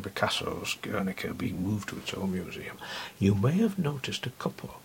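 A man's voice: low voice, gravelly, fairly bright tone, a little hiss or hum. A man reading a first-person literary story in a wry, intimate way, often dropping to a whisper.

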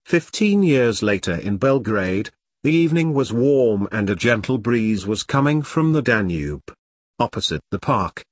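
Man, audiobook narration, husky, animated, dry. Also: medium pitch, dry recording.

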